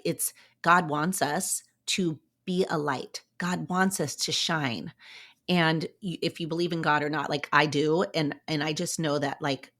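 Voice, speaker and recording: A woman in her younger adult years hosts a podcast in an upbeat, chatty, encouraging way. Her voice sits a little low for a woman, and she drops into playful asides as she talks straight to the listener. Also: fairly bright tone. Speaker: podcast host. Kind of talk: casual motivational talk.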